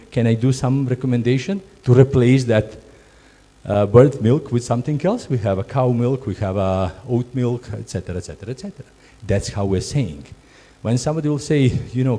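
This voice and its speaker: With a mellow, medium-pitched voice, a man coaches hospitality job candidates. His non-native English is emphatic, and he often repeats and restarts what he's saying.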